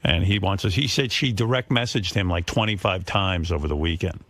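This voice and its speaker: A man's voice: sits low, fairly quick, a bit bright, dry recording. A man hosting a talk radio show, teasing and provoking a caller in a dry, needling way. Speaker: radio host.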